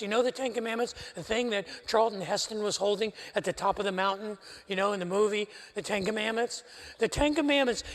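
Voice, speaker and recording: A man preaching a sermon as pastor, an animated storyteller with wry humor, recorded in a church sanctuary. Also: very high-pitched. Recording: live church stream with long hall reverb.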